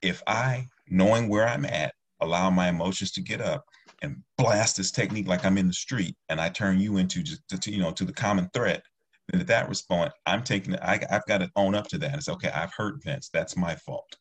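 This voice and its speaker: A man's voice: sits low, fairly quick, breathy edge. A man who teaches martial arts, talking earnestly in a rambling, casual discussion with many restarts.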